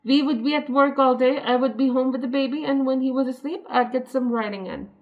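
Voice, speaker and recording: A woman's voice: sits high, steady tone, brisk, muffled recording. A young woman reading an online post aloud and reacting to it in a chatty, giggly way, often breaking off to comment. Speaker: story reader and commentator.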